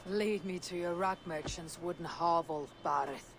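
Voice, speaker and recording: A woman's voice: fairly low pitch, normal speed, background noise, lightly acted. An actress playing a confident, blunt Viking woman warrior in a video game. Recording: game audio over loud city ambience.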